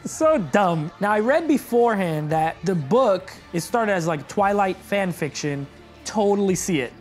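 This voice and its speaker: A man's voice: high voice, animated, a little slow, a little mellow, faint music behind. Sarcastic young man reviewing a movie. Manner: sarcastic, exasperated.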